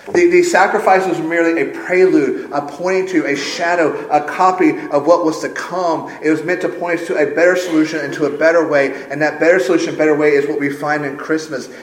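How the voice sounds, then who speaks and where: A man's voice: fairly high pitch, steady tone, a little fast, hardly any pauses. A man preaching a sermon as pastor, stressing points by repeating phrases. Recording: roomy echo.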